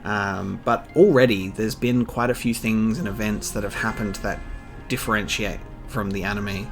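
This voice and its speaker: A man's voice: on the low side, fairly even intonation, normal speed, over music. A man hosting a casual manga read-along, chatty and musing, often laughing and trailing off with fillers. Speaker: reaction channel host.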